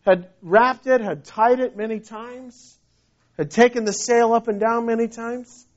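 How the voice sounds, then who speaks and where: Very high-voiced male preacher. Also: fairly even intonation, measured pace. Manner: conversational storytelling with frequent restarts. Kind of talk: sermon. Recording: dull lo-fi recording.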